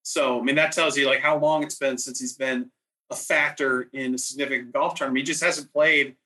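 A man on a podcast, explaining golf statistics in casual chat with measured, data-heavy talk. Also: mid-range voice, steady tone, sharp tone, rough recording. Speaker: golf stats analyst on podcast.

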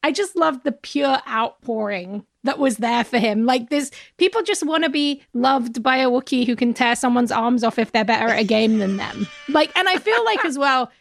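Chatty English woman, gravelly and dry. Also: a little high, lively intonation, normal speed, hardly any pauses, no room sound. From England. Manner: chatty, laughing, enthusiastic. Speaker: podcast co-host. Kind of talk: casual chat.

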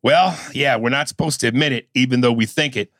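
A man's voice: medium pitch, fairly quick, a bit bright, no room sound. A man hosting a comedy podcast who reads out a listener letter with irreverent, mock-serious asides. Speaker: podcast host.

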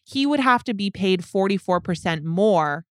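A woman's voice: medium pitch, lively intonation, normal speed, no echo, clean studio sound. A woman co-hosting a sports podcast, explaining contract details step by step in casual talk. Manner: analytical, explains points step by step. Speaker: podcast co-host.

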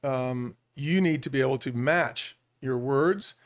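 A middle-aged man speaking as a business-leader guest on a podcast, an animated storyteller who acts out bits of quoted dialogue. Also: mid-range voice, unhurried. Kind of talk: podcast interview.

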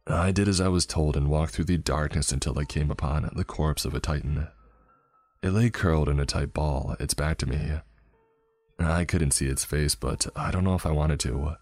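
A man narrating a dark first-person fantasy story in a grave, dramatic way, with faint music behind. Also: very deep voice, normal speed, no room sound.

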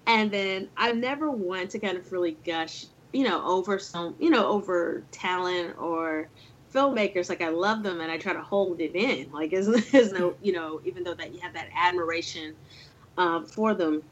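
A woman's voice: fairly low pitch, moderate pace. A woman filmmaker telling a personal story in an interview over a video call, earnest and emotional, laughing often. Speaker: filmmaker guest. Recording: slightly dull lo-fi sound.

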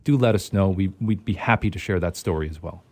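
A man's voice: deep voice, fast talker, a little mellow, no echo. A man hosting a radio show, interviewing a guest in a sympathetic way and repeating words as he goes. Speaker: radio host.

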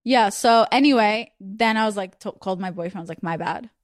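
Fast-talking young woman podcast host. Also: mid-range voice, dry recording, studio quality. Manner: animated storyteller, acts out voices in quotes. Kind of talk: casual chat.

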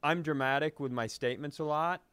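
A man co-hosting a comedy podcast, telling a story in an animated, profane way and often restarting sentences. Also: on the high side, brisk, smooth, no room sound. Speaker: podcast co-host.

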